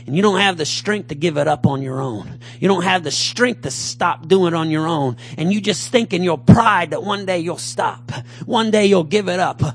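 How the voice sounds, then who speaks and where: A man preaching a fervent sermon, swinging between loud calls and low mutters as he acts out a taunting giant. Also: normal speed, husky.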